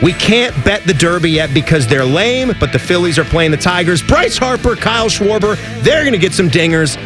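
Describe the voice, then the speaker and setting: A man's voice: sits high, very animated, normal speed, music in the background. A man co-hosting a sports radio show, running through baseball bets in an upbeat, playful way. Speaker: radio co-host. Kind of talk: sports betting segment and banter.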